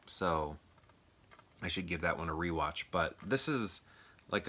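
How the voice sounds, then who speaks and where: A man's voice: low-pitched, pushed and bright. An American man chatting casually on his own, rambling and thinking aloud while asking the viewers questions. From United States. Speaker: movie collector reviewing films. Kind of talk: casual solo video chat.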